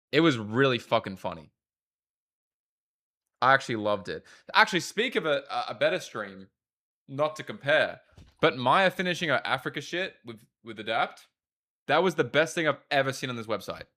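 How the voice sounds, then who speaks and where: A man's voice: mid-range voice, bright, forceful tone. A man with an Australian accent chatting casually as a livestreamer, rambling and swearing freely. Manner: rambling, profane, quick asides. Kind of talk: casual stream chat.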